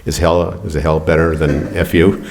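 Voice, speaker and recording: An older man telling a story at a poetry reading in an art gallery, rambling and profane, halting with fillers. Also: a bass voice, flat delivery, gravelly, darkish tone, a little hiss or hum. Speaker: poet.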